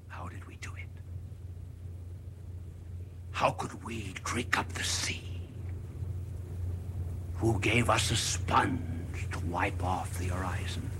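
A man voicing a frantic male madman who cries out and then sinks into hushed whispers. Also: lowish voice, gravelly, background noise.

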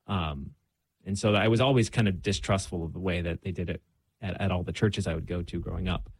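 A man's voice: low-pitched, steady tone, fairly quick, slightly rough, no echo. A young man telling his own faith story in a candid, self-deprecating way, full of fillers and restarts. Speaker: guest. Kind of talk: casual faith conversation.

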